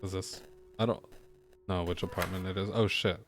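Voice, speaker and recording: A man's voice: low voice, fairly even intonation, moderate pace, a little hiss or hum. A man streaming a video game, muttering wry, casual commentary with frequent swearing. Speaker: gaming streamer. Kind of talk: casual let's-play commentary.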